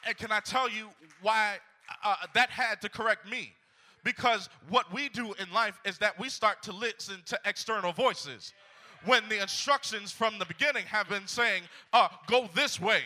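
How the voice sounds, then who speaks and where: A young man preaching a sermon, telling a story and then rising into shouted exhortation. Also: sits high, normal speed.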